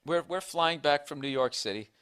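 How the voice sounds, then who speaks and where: A man's voice: a little high, normal speed, fairly bright tone, smooth, no room sound. A man hosting a podcast, talking in a blunt, profane, ranting way, mocking himself as he goes. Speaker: podcast host. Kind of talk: casual chat.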